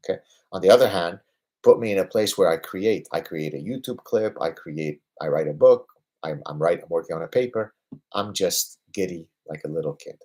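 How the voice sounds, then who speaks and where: A man in his fifties with a deep, slightly husky voice, hosting a livestream question-and-answer session. He argues his points emphatically, tagging them with rhetorical questions, and grows lively when he talks about work he loves. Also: a little fast. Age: 50s. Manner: emphatic, with rhetorical "right?" tags; lively, getting excited about his passions. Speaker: host answering viewer questions.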